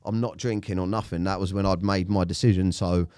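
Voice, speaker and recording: A man speaks haltingly about personal struggles, often stopping and restarting. His voice is low-pitched and recorded close and dry. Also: steady tone, dark tone, no room sound. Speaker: podcast co-host. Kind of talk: candid personal storytelling.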